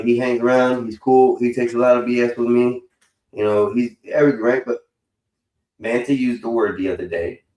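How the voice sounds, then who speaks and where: Profane, rambling man in an echoey room. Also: mid-range voice. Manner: profane, rambling, animated storytelling. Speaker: stream host. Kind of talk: casual call-in chat. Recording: roomy echo.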